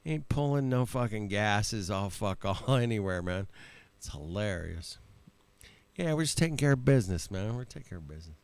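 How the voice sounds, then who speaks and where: A man's voice: fairly low pitch, animated, normal speed, clear, resonant tone, no room sound. A man hosting a casual livestream chat, laid-back and laughing often, calling people man and bro and swearing freely. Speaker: livestream host.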